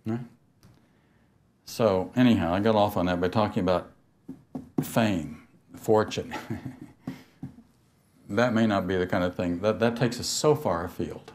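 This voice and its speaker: A man's voice: lowish voice, a little slow, long pauses, a little mellow, slight background noise. Older man, storytelling lecturer, chuckles, asks the audience questions. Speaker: speaker on mysticism. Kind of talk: spiritual talk to an audience.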